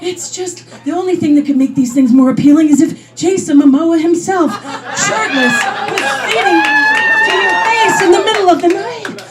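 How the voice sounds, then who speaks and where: A woman comedian telling an energetic stand-up story. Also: very high voice, normal speed, far from the mic, crowd noise.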